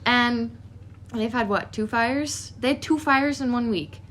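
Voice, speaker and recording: Young woman, casual podcast chat, fairly high voice, animated, swears, laughs often, faint noise behind. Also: measured pace. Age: young adult. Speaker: podcast guest.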